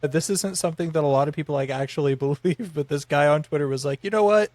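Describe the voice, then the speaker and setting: A man's voice: a little high, steady tone, fast, darkish tone, no room sound. A man co-hosting a podcast in casual chat, rambling through explanations with lots of filler words. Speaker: podcast co-host.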